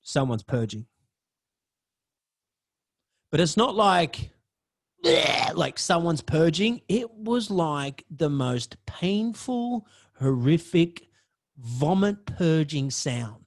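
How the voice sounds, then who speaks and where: Man, podcast host, dramatic storytelling, swears a lot, fairly high voice, very lively pitch. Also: takes it slowly, pauses often. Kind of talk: personal storytelling.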